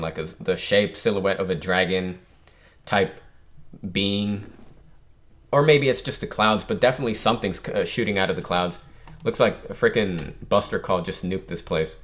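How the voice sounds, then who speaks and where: A man's voice: fairly low pitch, a bit bright. A man hosting a manga reaction video, reading the dialogue aloud in a plain voice and breaking off for casual commentary and self-corrections. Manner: reads character dialogue in a plain voice, stops to comment and correct himself. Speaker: manga reaction channel host.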